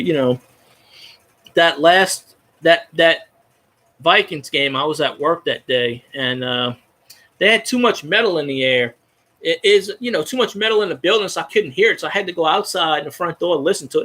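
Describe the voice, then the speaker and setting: Excitable, profane man in his thirties. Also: a little high. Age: 30s. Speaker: fan podcast host. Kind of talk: casual chat.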